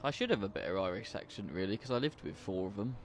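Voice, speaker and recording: A man's voice: fairly low pitch, expressive, fast talker, slight background noise. A young man chatting while playing a farming game, joking and laughing through stories of his own accidents. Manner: jokey, laughing anecdotes. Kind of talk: casual gaming chat.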